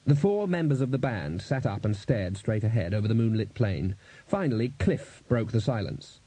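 A man narrating an audiobook in a measured, even storytelling manner, giving each character a voice. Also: fairly low pitch, breathy edge, dry recording.

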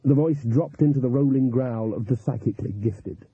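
A man narrating an audiobook in an expressive, lively storytelling manner. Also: mid-range voice, moderate pace, slightly rough, dry recording. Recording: tinny, phone-like, dry audio.

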